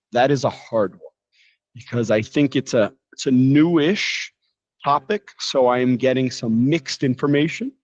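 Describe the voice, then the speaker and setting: American male teacher, relaxed and chatty, slightly muffled lo-fi recording. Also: mid-range voice, dry recording. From United States. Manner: relaxed, chatty explaining with frequent asides. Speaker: English teacher. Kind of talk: live English lesson. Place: living in Brazil, teaching from a quiet room.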